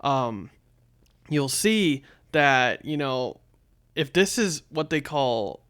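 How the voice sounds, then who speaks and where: A young man talks casually as a podcast co-host, sitting at a middle pitch. He rambles, doubling back and filling gaps with ums and likes. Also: animated, extremely slow, fairly bright tone, clean tone. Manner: rambling, many fillers and restarts. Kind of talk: casual chat.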